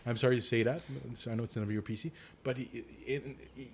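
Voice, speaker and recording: A man's voice: medium pitch, fairly even intonation, fast, slight background noise. A man co-hosting a film review podcast, talking in a rambling, hesitant way with many restarts. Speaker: podcast co-host. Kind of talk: casual film review chat.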